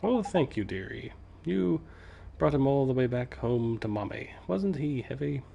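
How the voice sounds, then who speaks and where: A man's voice: mid-range voice, sing-song, unhurried, creaky, highs cut off, over music. A man voicing a fussy, doting middle-aged woman who coos over her cat in baby talk. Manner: cooing, fussing baby talk.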